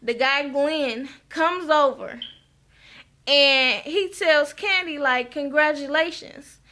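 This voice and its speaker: Woman, high voice, bright tone, casual TV recap, frank, chatty. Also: takes it slowly. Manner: chatty, frank, says "okay?" often. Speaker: reality TV recap vlogger.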